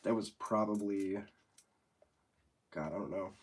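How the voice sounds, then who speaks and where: A man's voice: low-pitched, measured pace, slightly rough. A congested young man from the United States hosting a casual livestream chat, rambling and laid-back with plenty of swearing. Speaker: livestream host.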